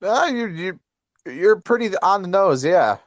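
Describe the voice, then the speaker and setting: A man co-hosting a casual podcast, hesitant and stammering as he starts his thoughts. His pitch moves in a lively way. The recording is dry and close. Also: unhurried, no room sound, muffled recording. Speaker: podcast co-host.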